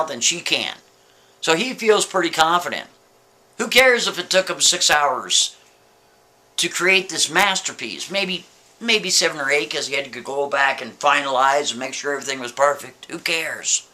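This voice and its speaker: Animated, bright-voiced male storyteller. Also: a little high. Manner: animated, addresses the listener directly. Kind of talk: casual spoken storytelling.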